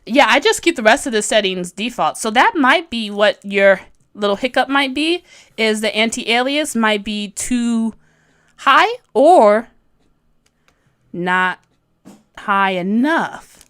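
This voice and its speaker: A woman's voice: fairly high pitch, expressive, takes it slowly, fairly bright tone. A woman in her thirties, a webcomic artist on a casual livestream, chatting bubbly and giggly, rambling and joking about herself while reading viewer comments. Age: 30s. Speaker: webcomic artist streaming a tutorial.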